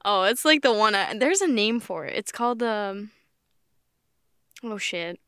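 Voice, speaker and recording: A woman hosting a podcast in casual chat, joking and quick to laugh. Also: medium pitch, expressive, fairly bright tone, clear, resonant tone, dry recording, studio quality. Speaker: podcast host.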